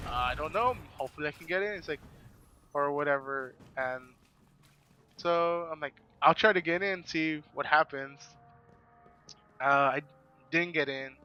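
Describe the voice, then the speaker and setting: A man's voice: medium pitch, pushed and bright, slight background noise. A man chatting casually as a podcast guest, telling a rambling story and acting out quoted lines. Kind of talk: casual chat.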